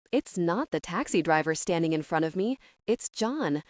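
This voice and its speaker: Low-voiced woman narrating an audiobook. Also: lively intonation, normal speed, dry recording, studio quality. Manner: soft, intimate, emotional storytelling. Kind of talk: first-person scripted narration.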